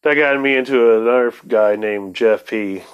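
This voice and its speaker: A man's voice: medium pitch, moderate pace, clear, resonant tone, highs cut off. Rambling, profane New man storyteller. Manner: rambling, profane, laughs often. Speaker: podcast host. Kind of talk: casual storytelling monologue.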